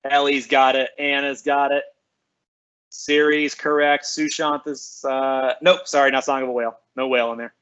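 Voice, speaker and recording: A man's voice: medium pitch, little pitch movement, normal speed, a bit bright, clear, resonant tone, lo-fi sound. A man who works as a school librarian, chatting casually on a live stream with students. He reads out their names and comments and answers them cheerfully.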